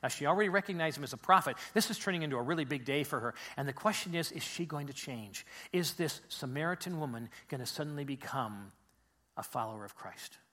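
A male preacher with a high, bright voice delivers a sermon in an easy, conversational way. He leans hard on key phrases and repeats them for stress. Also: animated, fast talker.

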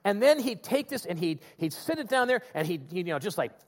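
A man preaching a sermon, swinging between loud emphatic passages and quiet conversational asides. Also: high-pitched, big pitch swings, a little fast, hardly any pauses, long reverb tail. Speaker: pastor.

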